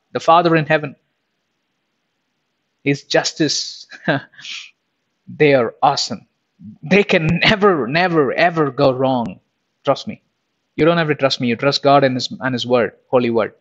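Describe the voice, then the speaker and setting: A man's voice: mid-range voice, a little slow, pauses often, fairly bright tone. A man preaching a Bible lesson in an emphatic way, full of rhetorical questions and repetitions. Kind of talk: sermon. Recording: dull lo-fi recording.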